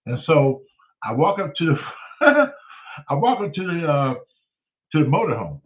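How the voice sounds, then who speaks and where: Host, male, 60s, raised lively pitch, foul-mouthed animated storyteller, tinny phone-line sound. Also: unhurried. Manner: profane, animated, acts out both sides of conversations. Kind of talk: casual storytelling.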